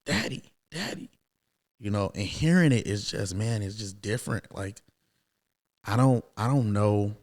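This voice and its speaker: Man in his thirties, low gravelly voice, casual storytelling, podcast guest. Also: normal speed. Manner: animated, acts out quoted voices, many fillers.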